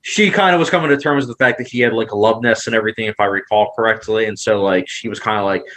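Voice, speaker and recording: A man hosting a podcast, chatting casually about a TV series in a relaxed, agreeable way, with frequent "like". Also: on the low side, quick pace. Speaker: podcast host. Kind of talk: casual TV discussion.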